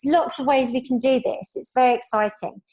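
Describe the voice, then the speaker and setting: A woman's voice: high-pitched, a little fast, darkish tone. A woman guest on a podcast chatting over a video call, talking enthusiastically and gushing about her work. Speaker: podcast guest, sales coach. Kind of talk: casual video-call chat.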